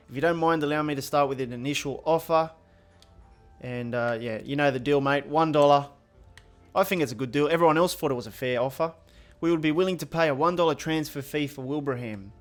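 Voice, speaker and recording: A man giving casual, joking commentary over a football video game. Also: a little high. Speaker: gaming youtuber. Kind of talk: gameplay commentary.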